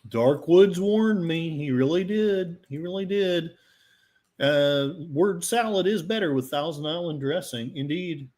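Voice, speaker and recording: A man's voice: a little high, a little slow, darkish tone. A man hosting a casual livestream, rambling and self-deprecating as he reads the chat and talks to his pets. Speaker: livestream host. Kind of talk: casual live-stream chat.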